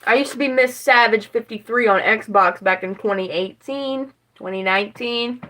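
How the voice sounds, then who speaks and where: A woman's voice: a little high, moderate pace, sharp tone, rough recording. Young woman with a West Virginian accent streaming from her kitchen. Rambling, profane, talks straight to chat. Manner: rambling, swears freely, chats with viewers. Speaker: livestreamer. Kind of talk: casual livestream chat. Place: home kitchen.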